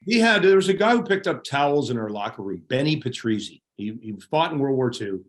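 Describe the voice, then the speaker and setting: Middle-aged male guest, lively anecdotal storyteller, mid pitch. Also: a little fast. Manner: animated, laughing anecdotes. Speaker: guest, former hockey goalie. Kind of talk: casual storytelling.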